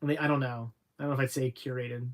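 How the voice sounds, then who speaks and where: A young adult man hosting a casual livestream, reading viewer questions aloud and answering in a halting, rambling way. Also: medium pitch, level tone. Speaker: livestream host answering chat.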